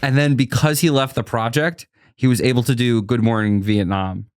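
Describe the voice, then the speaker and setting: A man chatting as a podcast guest in a studio, animated and telling stories. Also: medium pitch, normal speed, no echo. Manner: animated storyteller, acts out quotes. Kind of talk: casual chat. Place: recording studio.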